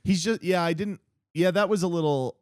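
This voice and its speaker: A man's voice: high-pitched, fairly quick, no room sound, clean studio sound. A man co-hosting a casual book-review podcast, candid and sarcastic, swearing freely. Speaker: podcast co-host.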